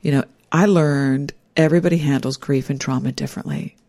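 A woman's voice: extremely low pitch, brisk, warm tone. A middle-aged woman giving a personal, reflective talk about life lessons, earnest and heartfelt. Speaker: speaker sharing life lessons.

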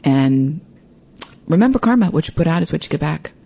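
A woman hosting her own podcast, telling a personal story in a lively way and acting out what people said. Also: low voice, a little fast, vocal fry, husky. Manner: animated, acts out quoted voices. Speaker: podcast host.

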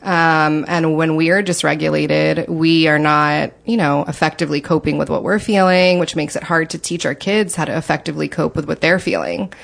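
A woman counselor, a podcast guest, explains calmly and in measured terms, pausing on small ums. Her voice sits very low, with a gravelly, creaky edge. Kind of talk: explanatory interview answers.

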